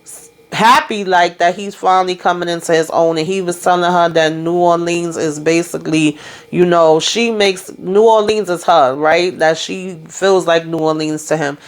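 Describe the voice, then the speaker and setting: A woman's voice: fairly low pitch, steady tone, moderate pace. A woman hosting a casual TV episode recap, chatty, retelling scenes by quoting the characters, with lots of "you know" and "like.". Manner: heavy use of "you know" and "like" fillers. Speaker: TV recap host.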